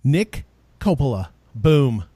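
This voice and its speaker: A man co-hosting a podcast in casual banter, playful and quick to laugh. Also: mid-range voice, sing-song, mellow, breathy edge, dry recording. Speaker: podcast co-host. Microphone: studio mic.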